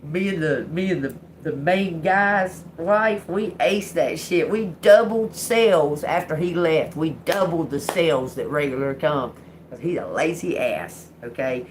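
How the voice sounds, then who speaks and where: A woman's voice: low-pitched, measured pace, a little hiss or hum. A middle-aged woman, telling a blunt, profane story to her livestream audience. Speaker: livestream host. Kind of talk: casual storytelling monologue.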